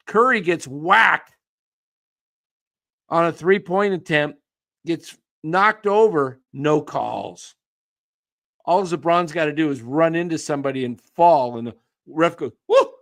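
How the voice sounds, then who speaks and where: Brief: scornful male sports ranter, slightly high voice, unhurried delivery. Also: a bit bright. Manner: scornful, ranting, mocking. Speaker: sports commentator ranting to his viewers. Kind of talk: casual sports rant.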